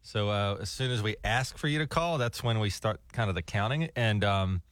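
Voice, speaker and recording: A man's voice: fairly low pitch, moderate pace, a bit bright, no room sound, clean studio sound. A man co-hosting a morning radio show, with easygoing, teasing banter. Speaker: radio co-host.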